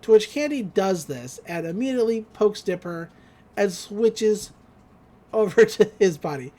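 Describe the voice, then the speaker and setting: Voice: medium pitch, lively intonation, measured pace, mellow. A podcast co-host casually recapping a cartoon episode, acting out the characters' lines and laughing along the way.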